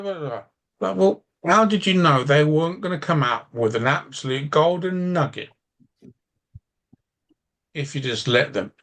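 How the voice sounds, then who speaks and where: A man's voice: fairly high pitch, a bit bright. A man who coaches drivers, talking bluntly in a casual podcast chat, swearing for emphasis and restarting his sentences as he rambles on. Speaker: driving instructor and coach.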